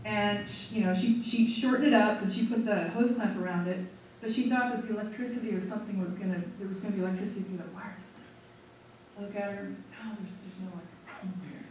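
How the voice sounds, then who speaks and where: A woman's voice: mid-range voice, quick pace, a little hiss or hum. Chatty woman seminar leader, echoey distant mic. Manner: chatty, animated storyteller who acts out her inner thoughts. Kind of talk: teaching through a personal story.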